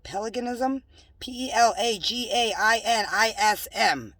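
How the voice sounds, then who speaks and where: A woman rambles through a religious monologue, dropping into hushed whispers and then rising to loud scolding. Her voice is bright and sharp, heard a little away from the mic in a dry room. She slows down to read definitions aloud. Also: on the high side, dry recording, recorded from a distance. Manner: reads definitions aloud slowly. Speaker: self-styled prophet vlogger.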